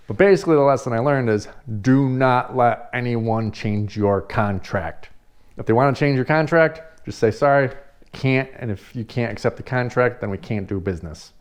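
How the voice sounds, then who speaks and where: With a mid-range voice, a party rental business owner casually and animatedly recounts a story, cursing freely and breaking into laughter at times.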